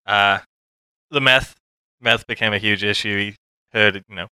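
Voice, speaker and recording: A man on a comedy podcast playing a shady, evasive male lawyer for Santa, with a put-on Australian accent and a deadpan delivery. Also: lowish voice, unhurried, clear, resonant tone, no room sound.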